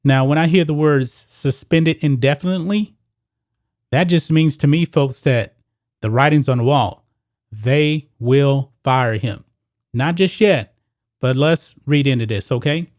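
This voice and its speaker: A man's voice: medium pitch, unhurried, darkish tone, no echo, studio quality. A man hosting his own sports commentary video, talking straight to viewers and reading news quotes aloud.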